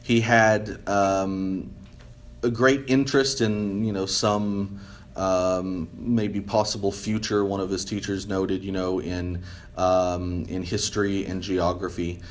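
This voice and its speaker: A man's voice: low-pitched, level tone, slow. Rambling man lecturing on history. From United States. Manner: rambling, many ums and restarts, asks "right?". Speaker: history teacher. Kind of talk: casual lecture.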